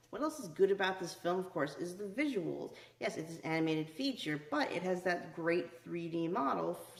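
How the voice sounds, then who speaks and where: Chatty woman reviewing a movie, echoey room. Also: lowish voice. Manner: chatty, lots of "you know" and "like". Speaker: movie reviewer, channel host. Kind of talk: casual video review.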